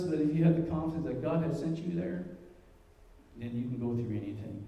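Dull audio from an echoey hall, with the mic far off, captures a middle-aged lay speaker whose voice runs on the high side, fairly quick and dark. His informal church talk wanders through a personal story, full of fillers and restarts.

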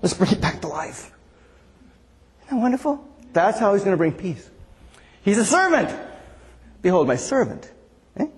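A male pastor delivering a sermon in an easy, conversational way, often turning to his listeners with questions. His voice sits a little high for a man. The sound carries a long reverb, as in a church hall. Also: big pitch swings, moderate pace, pauses often. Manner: conversational, asks the congregation questions.

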